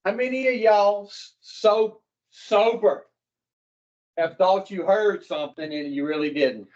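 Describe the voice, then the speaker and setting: A man's voice: high-pitched, a little slow, a little mellow. A man, teaching an addiction recovery group, who talks bluntly, swears freely and keeps putting questions to the room. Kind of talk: classroom talk to a recovery group. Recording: dull lo-fi recording.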